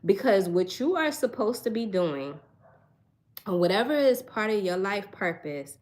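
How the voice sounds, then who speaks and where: A woman's voice: medium pitch, very animated, unhurried, darkish tone. Young woman doing a tarot reading, sighs a lot, kinda searching for words, earnest. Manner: searching, musing, with sighs and restarts; earnest and emotional. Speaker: tarot reader.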